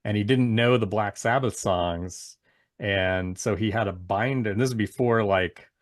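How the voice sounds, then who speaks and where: A man's voice: lowish voice, measured pace, no echo, clean studio sound. A man hosting a casual music podcast, eagerly retelling band stories and laughing often. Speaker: podcast host. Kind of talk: casual chat.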